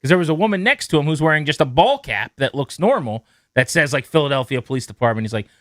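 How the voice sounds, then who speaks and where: A man hosting a sports radio show, telling a story in a lively, animated way and acting out the quotes in it. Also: medium pitch, fast talker, no room sound, clean studio sound. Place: radio studio. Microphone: studio mic.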